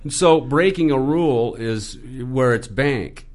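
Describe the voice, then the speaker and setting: An older man who coaches voice actors, talking in a wry, joking way and swinging his pitch up and down. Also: measured pace, darkish tone. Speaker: voice acting coach. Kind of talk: casual interview.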